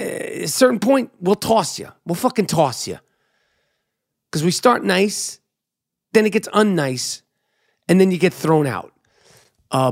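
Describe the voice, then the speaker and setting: Recorded dry with clean studio sound, a middle-aged New York City comedian riffs through a brash, profane monologue on his own podcast. He has a New York accent and a voice that sits a little high.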